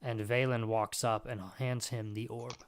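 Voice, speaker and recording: A man's voice: medium pitch, measured pace, heavy background noise. A man narrating as game master, describing scenes in a loose, rambling way. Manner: relaxed, rambling description with fillers.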